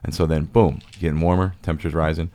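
A man's voice: low-pitched, level tone, quick pace, warm tone. A young man hosting a podcast, telling rambling jokey stories and acting out little voices. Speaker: podcast host. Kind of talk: casual chat.

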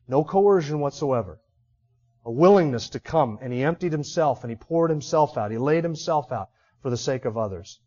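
A man's voice: fairly high pitch, a little mellow, dull audio. A man preaching an expository sermon as pastor, teaching emphatically through rhetorical questions.

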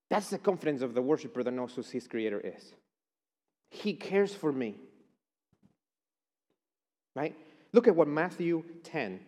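A man's voice: mid-range voice, darkish tone, long reverb tail. A man preaching a chapel sermon, emphatic and declaring. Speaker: chapel speaker.

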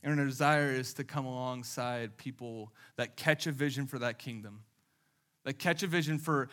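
Bright-voiced man preaching casually. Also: medium pitch, normal speed. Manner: casual, animated storytelling with many fillers. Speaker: pastor. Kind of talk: conversational sermon.

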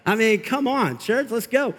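A male pastor giving an energetic, conversational sermon in church, getting fired up and laughing as he talks. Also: extremely high pitch, normal speed. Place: church sanctuary. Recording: long reverb of a large hall.

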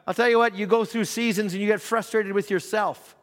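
A man preaching a sermon in a conversational way, repeating words and dropping to a low hush at reflective moments. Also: fairly even intonation, brisk, hardly any pauses. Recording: long hall reverb.

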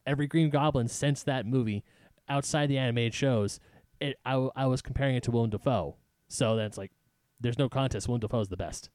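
Rambling young podcast co-host, mid pitch, dry recording. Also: male voice, fairly quick, a little mellow, no echo. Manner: rambling, nostalgic. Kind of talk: casual chat.

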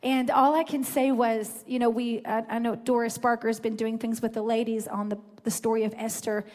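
A woman's voice: on the high side, flat delivery, brisk, darkish tone. Fervent woman preacher in a reverberant hall. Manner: fervent, declarative prayer cadence. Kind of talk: sermon with opening prayer. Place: church sanctuary. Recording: long reverb in a large hall with music.

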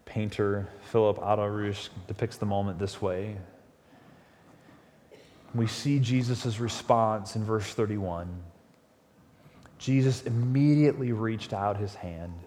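A male pastor preaching a sermon, telling the story with animated, acted-out quotes. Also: lowish voice, measured pace, pauses often, big-room sound, a little hiss or hum.

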